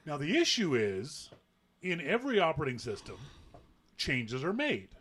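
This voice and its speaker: A man hosting a casual tech podcast, patiently explaining software updates and acting out quotes in an animated way. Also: a little high, normal speed, husky. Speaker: podcast host.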